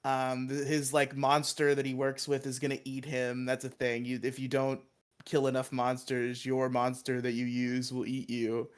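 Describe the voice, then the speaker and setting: A man's voice: mid-range voice, moderate pace, smooth. A man co-hosting a podcast, eagerly retelling a show's plot in a rambling, casual way, swearing and laughing often. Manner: excited, rambling, swears and laughs often, acts out quoted lines. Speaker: podcast co-host.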